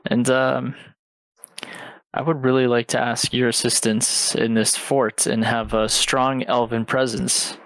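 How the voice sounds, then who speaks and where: A man's voice: medium pitch, flat delivery, unhurried, a bit bright, dry recording, low-quality recording. A man playing a tabletop game, speaking earnestly and formally in character. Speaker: player. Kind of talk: tabletop role-play.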